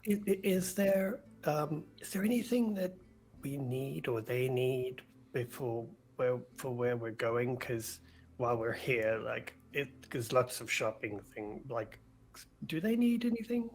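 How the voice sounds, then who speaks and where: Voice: mid-range voice, lively intonation, a little slow, darkish tone. A player in a tabletop game, hesitant and restarting mid-question. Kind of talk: casual tabletop play.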